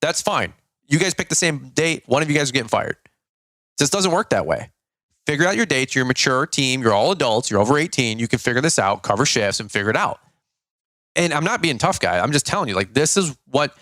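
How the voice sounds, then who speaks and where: A man's voice: mid-range voice, sing-song, a little fast, pushed and bright, no echo, studio quality. A middle-aged man who owns a lawn care company, talking business on a podcast in a blunt, slangy, rambling way with lots of fillers. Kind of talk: casual business talk.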